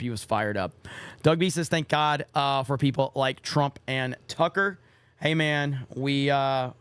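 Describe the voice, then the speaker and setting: A hoarse man hosting a live stream, casually reading viewer messages aloud with quick rambling asides. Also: mid-range voice, fairly bright tone, no echo. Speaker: livestream host.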